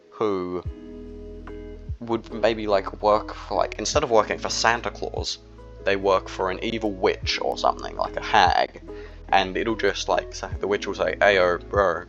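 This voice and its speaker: A man's voice: fairly low pitch, fairly bright tone. A young man in a casual, rambling monologue, full of fillers and slang. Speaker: solo video creator. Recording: dull lo-fi recording.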